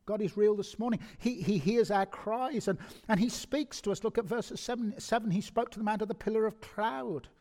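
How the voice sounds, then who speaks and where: Speaking in a church hall with a long reverb, a middle-aged man from England delivers an earnest, conversational sermon full of repeated words and rhetorical questions. His slightly mellow voice sits high, moving at normal speed with few pauses.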